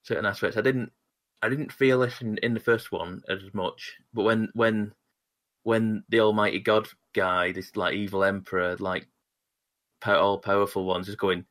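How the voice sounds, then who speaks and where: A man with a deep, low voice talks casually on a podcast. He rambles, restarting sentences and filling gaps with "um". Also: fairly even intonation, moderate pace, a bit bright. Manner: rambling, many restarts and fillers. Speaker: podcast co-host. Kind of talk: casual chat about comics.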